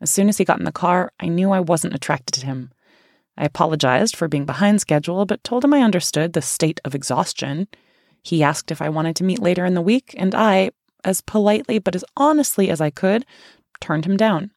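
A woman with a lowish voice reads her own memoir aloud in a candid, teasing, playful way. The recording is close and dry, with no room sound around her. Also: animated, brisk, darkish tone, dry recording. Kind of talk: first-person audiobook narration.

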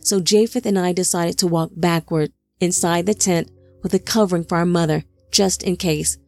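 A woman narrating a scripted storybook in a measured, steady manner. Her voice sits a bit low for a woman, and faint music runs under the reading. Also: no echo.

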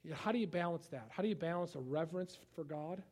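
A young man preaching a sermon in a conversational style, swinging from hushed tones to loud outbursts. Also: on the high side, fast talker. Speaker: pastor.

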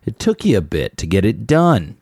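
A man's voice: fairly low pitch, wildly swooping pitch, normal speed, darkish tone, no echo, clean studio sound. A middle-aged man hosting a show, rambling through stories in a casual monologue and turning blunt and heated as he preaches to fellow musicians. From Southern California. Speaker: podcast host and musician.

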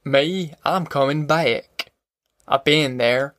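A man's voice: fairly high pitch, fairly even intonation, unhurried, a bit bright, no echo, clean studio sound. A man voicing a bitter, worn-down male migrant in an audiobook, with a sly, mocking manner and a drawl. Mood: grim. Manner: sly, mocking giggles turning grim and weary.

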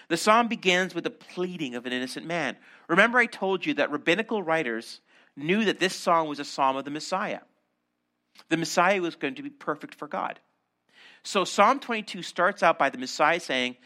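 A man preaching a sermon, teaching through scripture with animated, acted-out asides. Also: fairly high pitch, moderate pace. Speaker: pastor.

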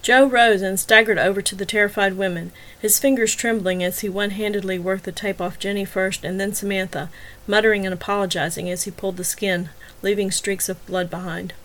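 A woman reading a novel aloud in even, measured audiobook narration. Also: medium pitch.

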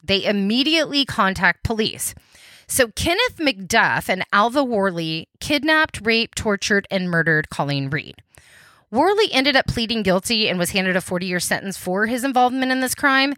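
Animated bright-voiced woman telling a crime story. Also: medium pitch, moderate pace, no echo, clean studio sound. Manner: chatty, many restarts and fillers, addresses listeners as guys. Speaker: true crime podcast host. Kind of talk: casual storytelling narration.

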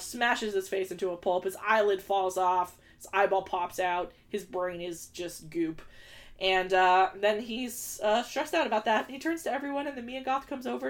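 A young woman co-hosting a podcast, recapping a film in casual chat and acting out quoted lines in exaggerated voices. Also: mid-range voice. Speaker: podcast co-host.

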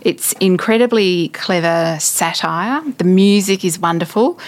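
A woman co-hosting a relaxed chat about books and movies. Her voice sits on the lower side, and she gives her opinions freely and laughs often. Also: measured pace. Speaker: podcast co-host. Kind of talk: casual chat reviewing books and films.

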